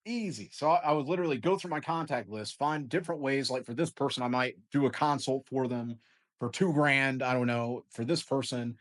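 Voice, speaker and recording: Man, casual podcast guest, energetic, lots of "like", mid-pitched voice. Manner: energetic, talks in quick bursts with lots of "like". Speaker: guest entrepreneur. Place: lives in Dubai.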